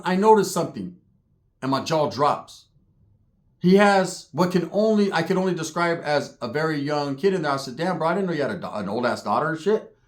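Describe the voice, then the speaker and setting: Young man, streetwise storyteller, loud profane rant, acts out every quote in a higher voice. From California. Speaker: commentary vlogger.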